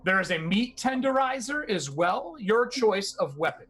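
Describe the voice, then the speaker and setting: A man running a tabletop game as game master, animated and quick to laugh. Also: sits high, a loud crowd.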